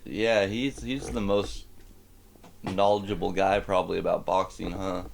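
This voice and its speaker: Low gravelly guy on a podcast, mostly short yeahs and quick comments. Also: flat delivery, a little hiss or hum. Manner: short agreeing interjections. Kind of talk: casual podcast chat.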